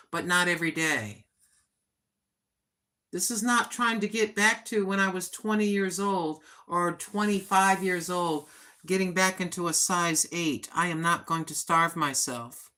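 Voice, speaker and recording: Older woman, livestream host, talks plainly and earnestly; bright, slightly low voice. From United States. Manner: plain-spoken, chatty and earnest. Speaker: vlogger. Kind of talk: casual livestream chat.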